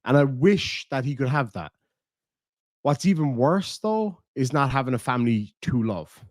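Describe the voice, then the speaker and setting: A man's voice: mid-range voice, expressive, moderate pace, dry recording, studio quality. An Irish man hosting a livestream, chatting in a rambling, profane way and reading out viewer donations. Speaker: livestream host. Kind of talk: casual livestream chat.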